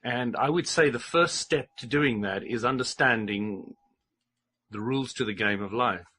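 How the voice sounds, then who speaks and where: A man's voice: medium pitch, moderate pace, sharp tone, a little hiss or hum. A man speaking in a casual radio chat, wry and blunt.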